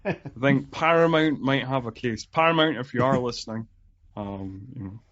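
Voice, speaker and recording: A man's voice: medium pitch, normal speed, a bit bright. A man in his forties hosting a podcast, rambling and laughing often as he chats. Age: 40s. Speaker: podcast host. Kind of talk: casual podcast chat. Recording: dull lo-fi remote audio.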